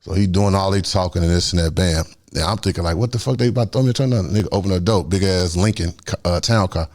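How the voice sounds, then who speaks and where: A man, telling a story in a casual interview, animated and acting out the other people's voices. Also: deep voice, quick pace. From Chicago. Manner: animated, acts out voices, swings between loud and hushed. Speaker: guest storyteller.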